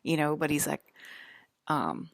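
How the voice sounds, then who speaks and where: A woman's voice: low-pitched, expressive, a little slow, vocal fry, no echo, studio quality. A woman in her forties talking casually to camera in a loose, rambling monologue, full of fillers and repeated "okay?" checks. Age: 40s. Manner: rambling, filler-heavy, keeps asking "okay?". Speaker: channel host.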